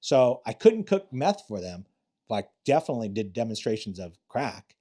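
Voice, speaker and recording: A man's voice: mid-range voice, big pitch swings, normal speed, dark tone. An older man, a retired police detective, telling rambling, profane stories in a casual interview, often restarting his sentences.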